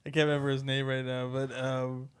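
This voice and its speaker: A man's voice: mid-range voice, monotone, brisk, smooth. A man co-hosting a podcast in casual chat, telling a story with lots of laughter and acted-out quotes. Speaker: podcast co-host.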